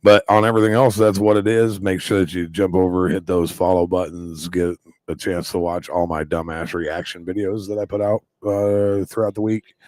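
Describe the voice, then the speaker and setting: A man with a lowish voice runs a live reaction stream, firing off quick exclamations and rambling asides. The sound is dry and close, with no room around it. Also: fairly even intonation, a little mellow, no echo.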